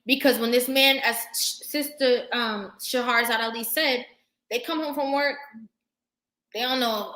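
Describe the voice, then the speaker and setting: A young woman hosting a live stream, talking emphatically and preaching to her viewers, pausing now and then to thank them for their comments. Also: a little high, bright, forceful tone. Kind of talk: impassioned live-stream talk. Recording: roomy echo.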